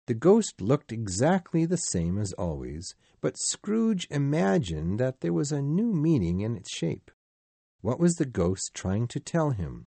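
A man reading a storybook aloud in a slow, measured, expressive way. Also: mid-range voice, vocal fry, breathy edge, no room sound. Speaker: narrator.

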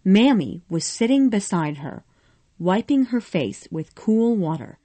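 A woman narrating a storybook in an expressive, measured way. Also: mid-range voice, no room sound.

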